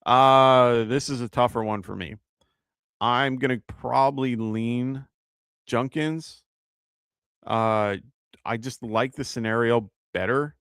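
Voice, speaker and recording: Gravelly New York man thinking aloud. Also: medium pitch, slow pace, long pauses, a bit bright, no room sound, clean studio sound. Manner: thinks aloud with many fillers and self-corrections. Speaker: fantasy football show host. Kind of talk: casual live-stream advice.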